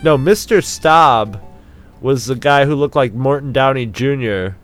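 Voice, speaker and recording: A man's voice: mid-range voice, a little slow, a bit bright, soft background music. A middle-aged man trading school stories as a podcast co-host, laughing often and mimicking a ranting teacher. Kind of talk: casual storytelling chat.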